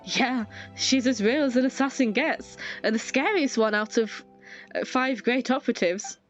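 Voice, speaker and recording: A woman's voice: on the high side, normal speed, natural voice. A woman voicing a smug, condescending cult operative in a game who makes threats. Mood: menacing. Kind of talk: fan voice-over of a game scene. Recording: dull lo-fi with faint music.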